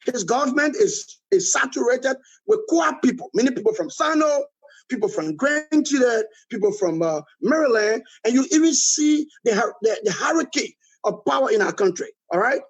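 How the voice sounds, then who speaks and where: Emphatic Liberian man, husky voice. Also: very high-pitched, lively intonation, moderate pace, rough recording. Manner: emphatic, repeats "all right?" often. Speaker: political guest. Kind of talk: critical political commentary.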